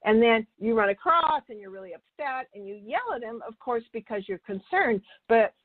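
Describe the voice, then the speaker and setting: A woman with a fairly high, animated voice speaks at a moderate pace, with no room sound. She's an animal communicator who teaches through anecdotes in a chatty way, often restarting sentences mid-thought and acting out what people said. The recording is dry and tinny, almost like a phone.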